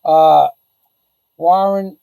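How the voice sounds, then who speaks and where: A man's voice: fairly high pitch, fairly even intonation, extremely slow, creaky, dark tone, no room sound, rough recording. A man hosting a casual livestream, talking bluntly and boastfully in a rambling way. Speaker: livestream host. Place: the Philippines.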